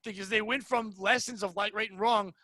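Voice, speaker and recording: High-voiced animated man joking crudely. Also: brisk, no room sound. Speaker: podcast co-host. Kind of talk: casual chat.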